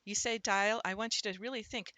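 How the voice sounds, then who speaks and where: Bright, dry-voiced woman teaching phonics. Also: mid-range voice, steady tone, no echo. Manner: thinks aloud, sounds words out slowly. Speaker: literacy instructor. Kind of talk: explanatory teaching talk.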